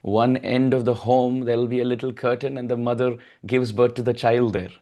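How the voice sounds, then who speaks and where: A man giving a devotional discourse, telling sacred stories with lively expression and reciting Sanskrit verses. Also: medium pitch, normal speed. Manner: animated storyteller, acts out baby voices and chants Sanskrit verses. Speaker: spiritual speaker.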